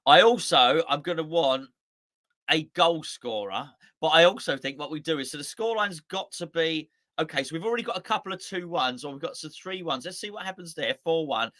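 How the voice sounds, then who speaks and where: Bright, chatty man hosting. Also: a little high, lively intonation, a little fast. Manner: rambling, chatty, correcting himself often. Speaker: host. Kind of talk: casual live-stream chat.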